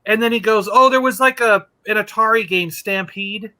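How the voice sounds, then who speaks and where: Casual male storyteller: high, very bright voice, animated, acts out the lines. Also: moderate pace. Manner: animated storyteller, acting out quotes. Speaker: podcast co-host. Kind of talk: casual chat.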